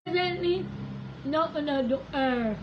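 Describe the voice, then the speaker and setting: A woman's voice: high-pitched, measured pace, muffled recording, noisy background. A woman chatting on a live stream from her phone, distracted and laughing at herself. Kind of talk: casual live stream chat.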